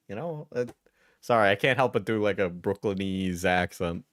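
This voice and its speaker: A young man from New England rambles through a reaction stream with blunt, profane remarks. His voice sits fairly low, and the sound is dry and close with no room echo. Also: normal speed, a bit bright. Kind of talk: casual reaction commentary.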